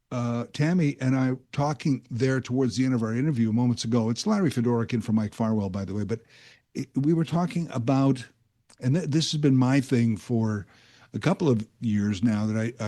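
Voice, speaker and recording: Mellow-voiced man rambling on radio. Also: medium pitch, moderate pace. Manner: rambling, self-aware storyteller. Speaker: guest radio host. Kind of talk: casual talk-radio monologue.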